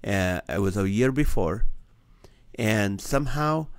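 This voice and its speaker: Low-voiced man telling a story. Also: a little slow, dry recording. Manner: earnest, animated storytelling with acted-out dialogue. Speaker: comedian hosting a nightly live stream. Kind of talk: storytelling testimony to a live audience.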